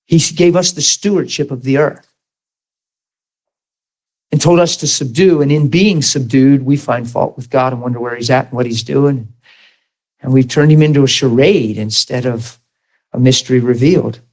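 A man preaching a sermon, asking the congregation rapid questions and dropping to soft, low storytelling. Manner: animated, rising to high emphatic questions to the crowd.

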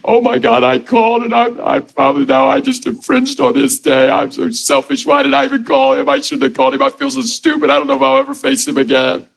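A man acting out a panicked woman caller who spirals into blaming herself, her voice jumping high and coming from farther off. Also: animated, fairly quick, gravelly, hardly any pauses, full character voice, low-quality recording. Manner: frantic, spiraling, high-pitched.

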